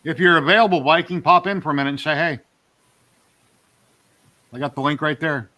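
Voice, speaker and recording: A man's voice: a little high, a little fast, sharp tone. A man hosting a casual livestream, asking curious, chatty questions and greeting viewers. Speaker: stream host.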